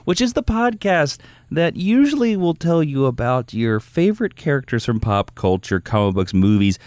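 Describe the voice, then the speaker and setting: A man's voice: medium pitch, big pitch swings, normal speed, darkish tone, clear, resonant tone, dry recording. A man co-hosting a podcast, chatting casually and explaining things. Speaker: podcast co-host.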